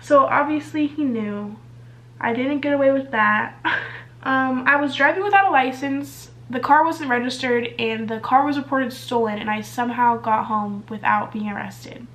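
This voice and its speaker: A young woman with a bright, high-pitched voice tells a rambling storytime while getting ready on camera. She talks in an animated, casual way, laughing often and swearing freely. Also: normal speed. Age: young adult. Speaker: vlogger. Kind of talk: storytime vlog while doing makeup.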